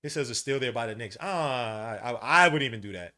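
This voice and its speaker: A New man talks through a basketball game live for his podcast, all slang and quick reactions. His voice is bright and sharp, and his pitch swings widely from low mutters to high yells. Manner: excitable, slangy, shouts at big plays. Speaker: podcast host. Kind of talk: live game watch-along commentary.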